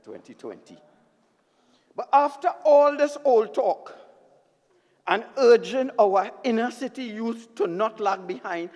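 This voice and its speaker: A man with a Trinidadian accent giving an impassioned, emphatic parliamentary debate speech, repeatedly addressing the Speaker from a desk microphone. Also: sits high. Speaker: member of parliament. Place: parliament chamber. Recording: long reverb of a debating chamber.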